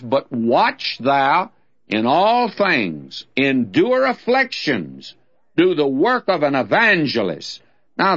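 An older man with a Southern drawl preaches in a folksy, storytelling way, his voice riding up and down with lively swings. He sits a touch high for a man. The recording is dull and lo-fi, like an old radio broadcast. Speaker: radio Bible teacher. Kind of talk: radio Bible teaching.

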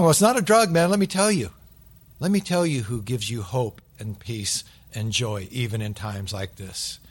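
A pastor preaching a sermon to his church, swinging from loud emphatic bursts to hushed asides. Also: on the low side, lively intonation, moderate pace.

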